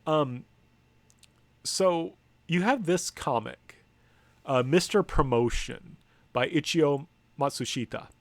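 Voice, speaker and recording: A man's voice: on the high side, lively intonation, takes it slowly, long pauses, dry recording. A man giving a lecture from slides, speaking conversationally with frequent ums, restarts and wry asides. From United States. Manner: conversational, hesitant, many ums and self-corrections.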